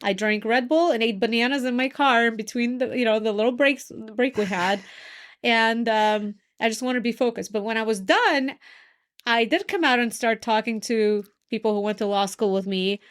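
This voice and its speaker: A woman's voice: fairly high pitch, moderate pace. A woman in her forties, a lawyer hosting a podcast, telling stories in an earnest, self-deprecating way. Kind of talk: casual podcast chat.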